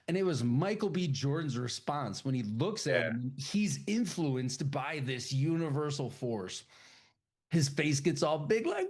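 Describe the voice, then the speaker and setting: A man co-hosting a podcast, chatting casually about a film, swearing a lot and acting out the characters' lines in voices. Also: unhurried. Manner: animated, profane, acts out character lines in high voices. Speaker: podcast co-host. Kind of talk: casual film review chat.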